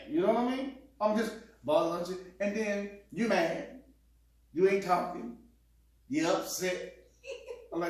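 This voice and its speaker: A man in casual chat with his partner, telling animated stories and acting out quotes with laughs. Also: sits high, a little slow, long pauses. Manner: animated, laughing storyteller who acts out quotes. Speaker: co-host. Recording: echoey room, distant mic.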